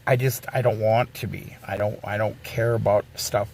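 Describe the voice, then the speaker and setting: A man's voice: lowish voice, fairly even intonation, normal speed, vocal fry, darkish tone. A man in his forties, a streamer, ranting bluntly and casually, swearing and circling back with restarts. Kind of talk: casual rant.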